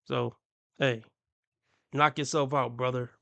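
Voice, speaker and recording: A man's voice: medium pitch, steady tone, slow pace, creaky, pushed and bright, no room sound. A man ranting bluntly and crudely as he reacts to clips on his stream. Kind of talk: ranting commentary.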